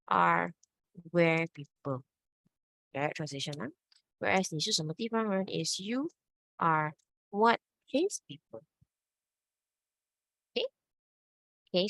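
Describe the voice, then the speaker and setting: A woman's voice: fairly low pitch, a bit bright, no echo, rough recording. A woman teaching a Mandarin lesson, patiently checking understanding. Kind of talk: online language lesson.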